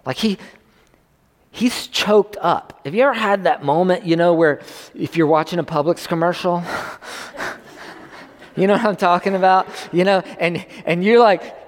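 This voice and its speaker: A man preaching in a relaxed, conversational style, often restarting his sentences and building up to emphatic peaks. His voice sits on the higher side for a man. It carries a long reverb from a large hall. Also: normal speed. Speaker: pastor. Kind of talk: sermon. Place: church service.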